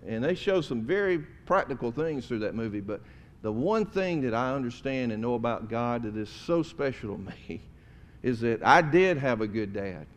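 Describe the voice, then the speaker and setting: Folksy pastor preaching softly. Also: male voice, mid-range voice, lively intonation, normal speed. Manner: conversational preaching, folksy, drops to soft tender tones. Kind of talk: sermon. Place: church sanctuary.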